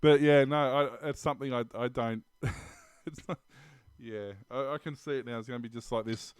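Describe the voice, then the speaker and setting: An Australian man co-hosts a tech podcast, talking through news in a loose, rambling way, full of ums and restarts. His voice is smooth and clear, at a middle pitch. He is recorded dry and close. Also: fairly even intonation, normal speed, no room sound. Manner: rambling, many ums and restarts, laughs often. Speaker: podcast co-host. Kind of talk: casual tech news chat.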